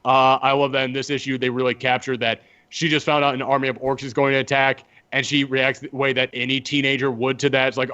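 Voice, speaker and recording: A man co-hosting a comic book podcast, chatting casually and acting out characters in quick voices. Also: medium pitch, fairly even intonation, fairly bright tone, dull audio. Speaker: podcast co-host reviewing comics. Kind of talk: casual chat.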